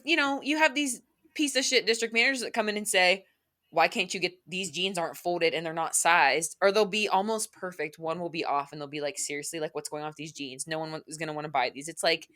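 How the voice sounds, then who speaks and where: A woman's voice: on the low side, fairly quick, bright, forceful tone. A young woman co-hosting a podcast, ranting candidly in casual chat, full of "like" and swearing. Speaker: podcast co-host.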